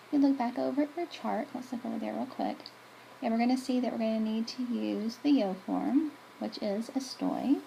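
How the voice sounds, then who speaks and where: A woman's voice: a little high, vocal fry, warm tone, a little hiss or hum, low-quality recording. A woman teaching Spanish verbs in a chatty style, correcting herself as she writes on a board. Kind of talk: classroom video lesson.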